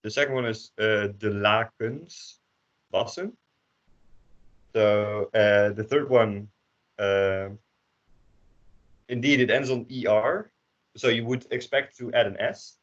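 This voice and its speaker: A Dutch man teaching a language class online, explaining slowly with many hesitations. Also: on the low side. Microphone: computer microphone on a video call. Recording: dull lo-fi call audio.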